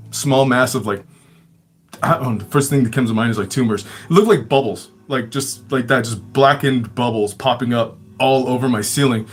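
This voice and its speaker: A man telling stories in a casual livestream chat, rambling and swearing, with lots of filler words and frequent laughter. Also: mid-range voice. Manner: rambling and profane, many fillers; laughs often. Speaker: livestream storyteller.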